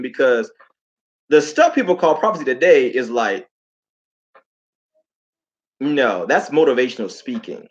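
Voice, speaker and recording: A man hosting a casual livestream talk, telling stories with lots of repeated phrases and animated asides. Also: fairly high pitch, a little slow, pauses often, dull audio. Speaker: host.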